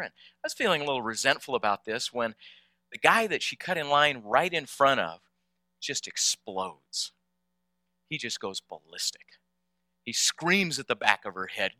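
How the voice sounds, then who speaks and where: A man's voice: mid-range voice, big pitch swings, normal speed, long pauses, pushed and bright, no room sound. A man telling a personal story in a conversational way to an audience, often repeating small words as he goes. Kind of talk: storytelling talk.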